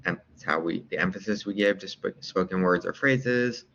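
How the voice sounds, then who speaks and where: A man with a very low voice talks through lecture slides in an easygoing, informal way. He keeps asking rhetorical questions and checking in with "right?". The recording sounds dull and lo-fi. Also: moderate pace, fairly bright tone.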